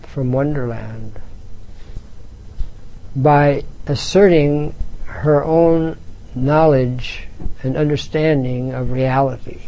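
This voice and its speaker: Mellow-voiced man giving a spiritual talk. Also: on the high side, lo-fi sound. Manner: reflective, unhurried, with halting restarts. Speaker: spiritual teacher. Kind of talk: spiritual talk with book readings.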